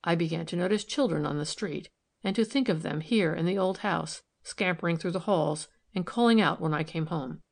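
A man's voice: fairly high pitch, moderate pace, creaky. A woman reading the lines of a troubled young man who speaks soberly and wistfully in an audiobook.

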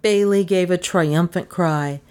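Low-voiced woman reading a novel. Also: unhurried, darkish tone. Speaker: narrator. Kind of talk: audiobook narration.

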